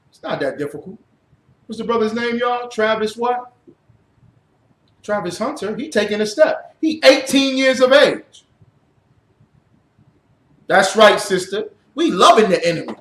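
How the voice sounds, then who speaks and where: A man preaching a fiery sermon as a religious teacher, blunt and profane, rising to shouts. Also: high-pitched, sing-song, normal speed, long pauses, slight background noise. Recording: roomy echo.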